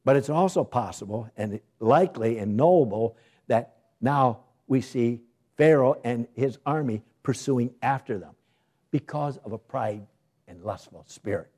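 A man's voice: mid-range voice, mellow, slightly rough. A male pastor preaching a sermon with emphatic delivery and many rhetorical questions.

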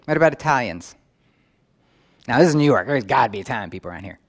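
A fast-talking pastor with an expressive, medium-pitched voice preaches at a church in New York. He peppers the audience with question after question.

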